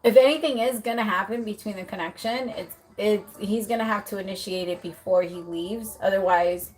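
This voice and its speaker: Here a woman tarot reader, medium in pitch and moderate in pace, leads an informal live reading on a low-quality recording. Her speech is loose and filler-heavy, and she brings energy to it by impersonating the client's partner, swear words included.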